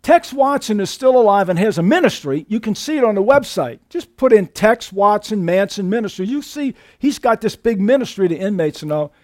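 A man preaching a sermon to a church congregation, emphatic, swinging between loud outbursts and hushed asides. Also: sits high, animated, brisk, hardly any pauses, no echo, clean studio sound. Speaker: pastor. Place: church sanctuary.

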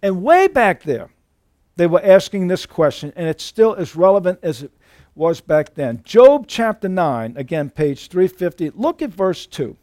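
Casting: male pastor, fairly high voice, lively folksy sermon delivery, dry close recording. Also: measured pace, dry recording. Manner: animated preaching, folksy asides, frequent self-restarts.

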